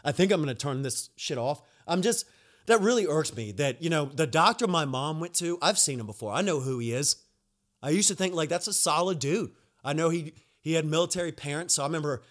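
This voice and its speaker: A man's voice: a little high, a bit bright. A young man hosting a podcast, delivering a heated, profane rant and repeating himself when angry. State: recovering from being sick. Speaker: podcast host. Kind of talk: angry ranting monologue.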